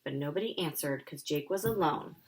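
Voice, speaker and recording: A woman's voice: low-pitched, animated, a little fast, poor audio. A woman, the book's author, reading her rhyming children's picture book aloud with playful asides. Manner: sing-song rhyming storytelling, playful asides.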